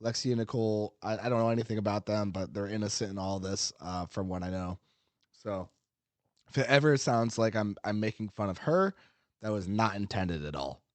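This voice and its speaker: This podcast host talks briskly in a voice on the low side, heard on a dry recording. The chat is casual and rambling, full of fillers and restarts, and he's quick to laugh.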